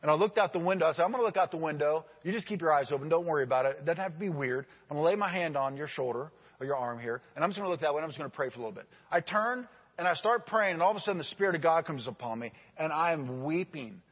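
Animated pastor preaching in a big hall. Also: male voice, a little high, very fast, husky. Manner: animated storytelling, swings from loud to hushed. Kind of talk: sermon. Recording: dull lo-fi audio with long hall reverb.

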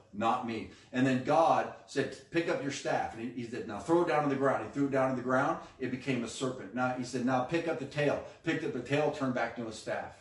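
A male pastor preaching a sermon with animated, emphatic delivery, acting out quoted lines. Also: medium pitch. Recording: echoey room, mic at a distance.

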